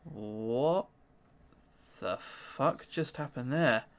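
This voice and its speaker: A man hosting a let's-play, reading a visual novel aloud and reacting in an excitable, chatty way. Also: mid-range voice, very slow. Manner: excitable, chatty, swears in surprise.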